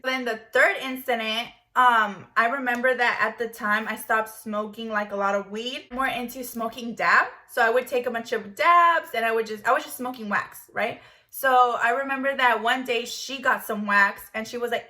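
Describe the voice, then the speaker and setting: A woman's voice: a little high, normal speed, bright, forceful tone. A young woman in her twenties telling a personal story in a vlog, blunt and stuttering, with plenty of swearing. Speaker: vlogger.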